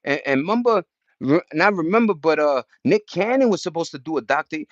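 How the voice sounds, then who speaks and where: A man's voice: fairly high pitch, animated, fairly quick, dry recording. A young man hosting a casual chat, rambling in slang with many restarts. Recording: dull dry lo-fi sound.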